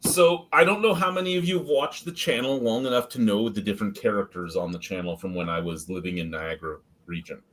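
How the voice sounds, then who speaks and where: A man's voice: fairly low pitch, a little fast, hardly any pauses. A man hosting a beer review stream, telling an anecdote and swearing freely. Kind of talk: casual profane storytelling.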